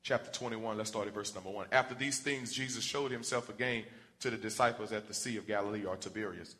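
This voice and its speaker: Animated preacher man with a bright voice. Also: fast. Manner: animated, acts out Bible characters with rising pitch and volume. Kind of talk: sermon.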